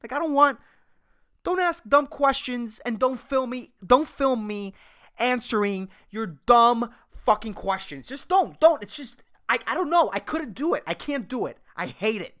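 A man hosts a casual solo podcast, ranting and rambling with plenty of swearing. His pitch swings widely, and his voice is bright and clear. The recording is dry and close. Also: animated, unhurried, no room sound. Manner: profane, rambling, exasperated ranting. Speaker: podcast host.

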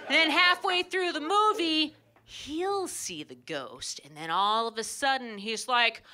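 A woman doing a wry, animated stand-up comedy set on a club stage, through a handheld stage mic. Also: high voice, a little slow, a faint crowd, a little hiss or hum. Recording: live club, audience laughter.

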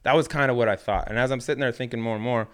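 A man talks quickly through a casual anecdote, acting out each part of the dialogue. His voice is smooth and clear, and he drops in casual swearing as he goes. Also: mid-range voice. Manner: animated, acts out dialogue in his stories. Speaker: golf pro guest. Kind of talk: casual storytelling.

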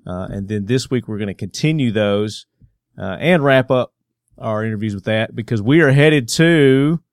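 A man's voice: fairly low pitch, moderate pace, no echo, studio quality. A man with a Southern American twang hosting a casual podcast, joking and rambling with plenty of fillers. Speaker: podcast host.

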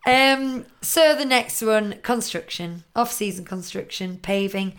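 Female podcast host, chatty and upbeat, mid pitch. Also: unhurried, a bit bright, clear, resonant tone. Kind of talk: casual chat.

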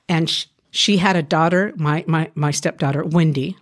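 A woman recounts her hard past in an earnest, heartfelt testimony, her voice sitting a little low. She talks haltingly, with frequent pauses and restarts as she works through painful memories. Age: adult. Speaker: guest sharing her life testimony. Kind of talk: emotional personal testimony.

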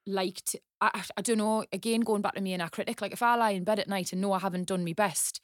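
A woman's voice: mid-range voice, steady tone, no room sound, clean studio sound. A woman guest in a casual interview, talking openly and frankly and laughing easily. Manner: open, frank, quick to laugh. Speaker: guest, reality TV personality.

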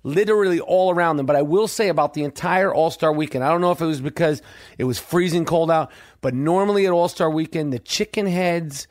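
New guy hosting a podcast, swears constantly, acts out the voices of people in his stories; high voice, dry close mic. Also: brisk, no room sound. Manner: profane, animated, acts out quoted voices. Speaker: podcast host. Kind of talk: casual storytelling monologue.

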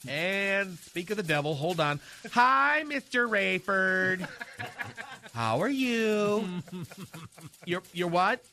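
A flamboyant, fussy gossip in a comedy radio sketch. He talks in a high, bright, unhurried sing-song. He gushes with theatrical sighs. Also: lively intonation, slight background noise, exaggerated voice. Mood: campy gossip.

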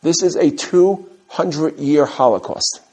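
A man, from Brooklyn, giving an animated mussar talk to his students as a rabbi, with emphatic rises and humorous asides. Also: fairly high pitch, unhurried, slightly rough. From Brooklyn, USA. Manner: direct address to his students.

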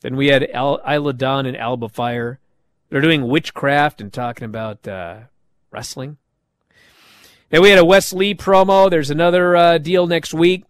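A man hosting a show, recapping wrestling in a casual, animated way and acting out the quoted lines. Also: on the high side, moderate pace, smooth, dry recording, clean studio sound.

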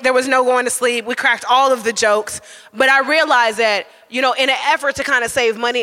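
High, bright man storytelling. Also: in a large hall. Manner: animated, keeps asking "right?". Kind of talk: live comic storytelling.

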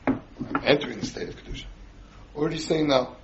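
A man's voice: fairly high pitch, fast talker, noisy background. A man leads a Torah class, steadily posing questions to his listeners before explaining the answer. The recording is a little dull, with faint ambience in the background. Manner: quizzes the audience with frequent questions. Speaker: rabbi teaching a class.

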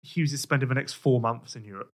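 A man's voice: mid-range voice, quick pace. A man co-hosting a casual podcast, bantering in a dry, teasing way. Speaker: podcast co-host. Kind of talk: casual chat.

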